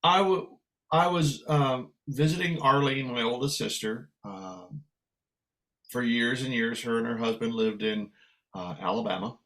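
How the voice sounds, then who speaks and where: A man from San Francisco, a guest musician telling a long story in a lively, animated way. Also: mid-range voice, a little slow. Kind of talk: casual storytelling.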